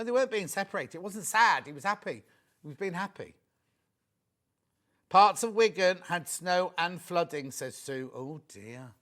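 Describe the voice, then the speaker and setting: A man presenting a live TV shopping demo, chatty and excitable, gushing over the products and chatting with viewers and crew. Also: high voice.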